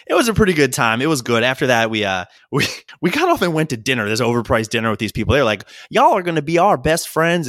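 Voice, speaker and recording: A man's voice: medium pitch, no room sound, studio quality. A young man hosting a podcast, telling a trip story in casual chat, joking, swearing freely and acting out what others said. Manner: animated, jokey, swears freely, acts out quoted voices. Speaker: podcast host.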